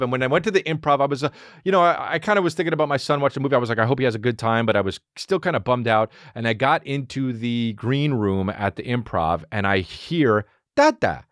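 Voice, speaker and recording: A man hosting a podcast, telling rambling stories in a profane, animated, casual monologue. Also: lowish voice, dry recording, studio quality. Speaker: podcast host.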